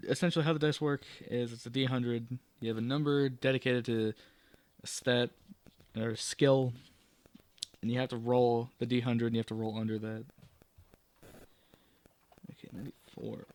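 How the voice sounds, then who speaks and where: A man's voice: medium pitch, steady tone, moderate pace, long pauses, darkish tone, no echo. A man playing a solo tabletop game, reading the adventure aloud and often stopping to correct his own slips. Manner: self-correcting, stumbles and rereads words.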